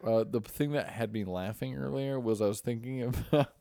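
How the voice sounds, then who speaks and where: A man's voice: mid-range voice, normal speed, gravelly, mellow, dry recording, clean studio sound. A young man co-hosting a podcast, telling rambling stories in casual chat with plenty of swearing. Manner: profane, rambling storytelling. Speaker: podcast co-host.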